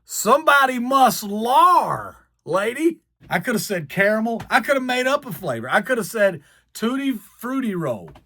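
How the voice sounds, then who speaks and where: A man from the American South with a long drawn-out Southern accent, telling a self-mocking story. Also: high voice, dry recording, studio quality. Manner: drawled, self-mocking, animated. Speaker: vlogger. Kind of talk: storytelling to camera.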